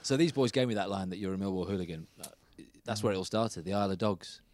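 A male podcast host with a lowish voice rattles through his questions at speed. He teases his guest in a relaxed, chatty way. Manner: quick, teasing questions. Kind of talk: casual podcast interview.

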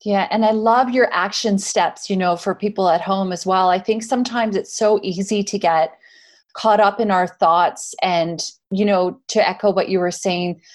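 A woman hosting a spiritual podcast. She backs up her guest with earnest, affirming encouragement in a voice of middle pitch. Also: steady tone, normal speed. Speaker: podcast host. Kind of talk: casual spiritual conversation.

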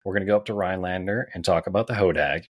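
Low-voiced man chatting on a podcast. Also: very fast, no echo. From Wisconsin. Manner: relaxed, rambling, with fillers and restarts. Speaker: podcast guest. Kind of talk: casual podcast chat.

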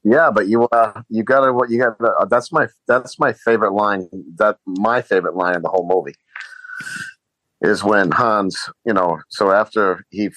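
Deep-voiced man retelling movie scenes. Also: a bit bright, no room sound, poor audio. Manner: storytelling, halting with fillers. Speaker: podcast co-host. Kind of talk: casual movie chat.

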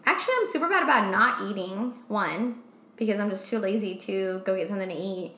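A woman's voice: mid-range voice, brisk, bright, forceful tone, reverberant. A woman co-hosting a podcast, chatting casually, swearing a lot and trailing off into fillers. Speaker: podcast co-host. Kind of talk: casual chat.

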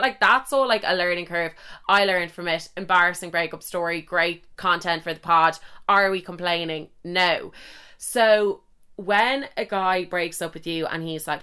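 A young woman talks straight to her listeners in a loose, candid podcast style, swearing freely and acting out little quoted asides. Her voice sits a bit low but comes across bright and forceful, with a smooth, crisp clarity. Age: young adult. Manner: chatty, frank and swearing, with lively quoted asides. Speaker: podcast host. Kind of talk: casual solo podcast chat.

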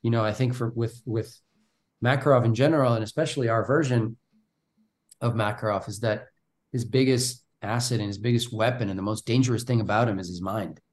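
A man's voice: fairly low pitch, steady tone, fairly quick. A man from Bulgaria, an actor giving an interview in casual conversation, speaking animatedly and often repeating words as he starts his thoughts. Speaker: actor guest.

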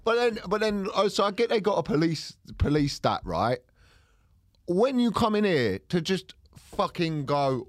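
A man co-hosting a podcast in a studio, ranting with plenty of swearing. His pitch jumps up and down a lot, and the close mic sounds dry and near. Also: normal speed, no room sound. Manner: ranting, swearing, animated storytelling. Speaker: podcast co-host. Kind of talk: casual podcast chat.

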